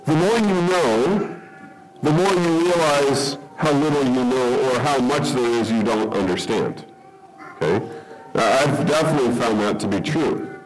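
Conversational middle-aged preacher in echoey hall. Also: male voice, medium pitch, unhurried. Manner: conversational, checks in with frequent "okay?"; repeats words as he restarts. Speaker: pastor. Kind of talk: sermon. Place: church hall with congregation. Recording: roomy echo with music behind.

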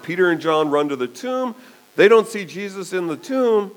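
Lively, animated preacher man. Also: high-pitched, normal speed. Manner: animated storytelling, acts out voices, checks in with "okay?". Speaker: pastor. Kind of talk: sermon.

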